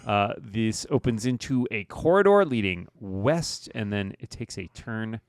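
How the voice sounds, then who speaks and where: A man's voice: fairly low pitch, unhurried, vocal fry, dry recording. Guy running a d&d game, easygoing, laughs a lot, dry close sound. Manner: relaxed, chatty, laughs often. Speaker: game master. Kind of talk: narrating a tabletop game.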